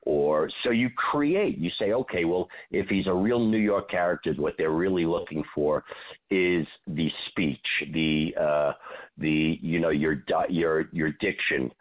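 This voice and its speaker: A man, an actor, telling animated show-business stories as a radio guest and acting out what people said. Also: very deep voice, unhurried, narrow, tinny audio. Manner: animated storyteller, acts out quotes.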